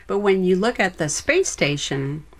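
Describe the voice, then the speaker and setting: Woman guest, lowish voice, earnest and reflective, interview answers. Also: big pitch swings, a little slow. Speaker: guest, former flight director.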